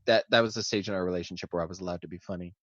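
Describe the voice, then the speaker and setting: A man's voice: deep voice, fairly even intonation, racing, fairly bright tone, no echo, lo-fi sound. A man in his thirties co-hosting a podcast, telling zoo stories full of puns and chuckles in casual chat. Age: 30s. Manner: punning joker, chuckling through stories. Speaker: podcast co-host.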